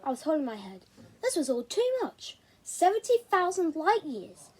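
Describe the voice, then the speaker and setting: Expressive, high-voiced woman reading aloud. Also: moderate pace. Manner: expressive, animated. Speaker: reader. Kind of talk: reading a children's novel aloud.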